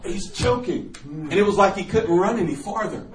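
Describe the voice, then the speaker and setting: A male preacher giving a sermon testimony, animated storytelling and laughing often, sometimes bursting into shouts. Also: high-pitched, normal speed, heavy background noise. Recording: echoey room, from far off.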